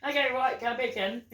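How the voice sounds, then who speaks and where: A woman's voice: sits high, a bit bright, distant mic. Chatty New Zealand woman, off-mic. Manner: chatty, teasing, interrupts to add her own side. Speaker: adult daughter. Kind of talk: casual family chat. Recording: echoey room, a bit off-mic.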